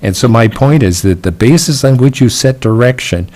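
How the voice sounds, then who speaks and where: A man speaking as a county commissioner at a public meeting, slow and halting, thinking aloud. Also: medium pitch, lively intonation, darkish tone.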